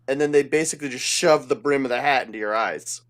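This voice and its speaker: A man's voice: mid-range voice, fast talker. A man co-hosting a podcast, casually rambling through a show's plot and swearing freely. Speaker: podcast co-host. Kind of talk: casual chat.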